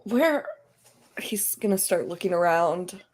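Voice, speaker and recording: Female player, unhurried delivery with frequent fillers, casual game talk. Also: on the low side, steady tone, a little mellow. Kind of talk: casual tabletop play.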